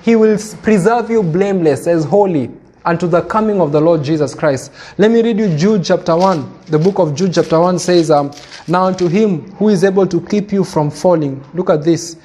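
A man preaching with a high voice and a warm, mellow tone. He speaks earnestly and with emphasis, quoting scripture as he goes. His delivery is sermon-style. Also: normal speed.

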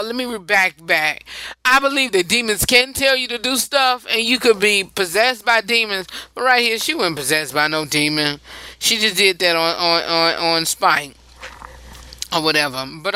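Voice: mid-range voice, bright, forceful tone, clean tone, dry recording, rough recording. A host casually reading gossip headlines and chatting to listeners with asides and laughs, sounding a little tired. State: tired, yawning. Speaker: host of a news and gossip segment.

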